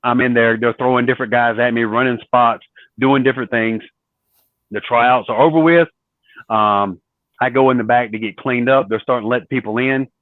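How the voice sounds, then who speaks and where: A man's voice: medium pitch, moderate pace, no echo. Storytelling man on a tinny line. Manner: animated storyteller acting out quoted dialogue. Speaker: guest, former wrestler. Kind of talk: storytelling interview. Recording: dry, phone-like narrow sound.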